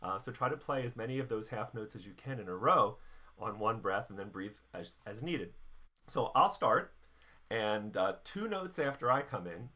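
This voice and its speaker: A middle-aged man teaching a band warm-up lesson, explaining each step patiently. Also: on the low side, lively intonation, moderate pace. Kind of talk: instructional lesson.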